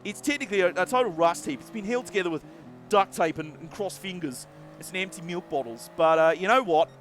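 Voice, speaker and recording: A man putting on a rough Australian accent to voice a laid-back male car enthusiast, casual and rambling. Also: sits high, animated, brisk, a bit bright, soft background music. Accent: Australian, put on badly.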